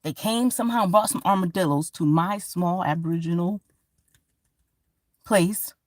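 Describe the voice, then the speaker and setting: A woman from Georgia, talking in a rambling, profane, animated monologue as a vlogger. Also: fairly low pitch, moderate pace, dry recording, studio quality. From Georgia, USA. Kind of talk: casual monologue to camera.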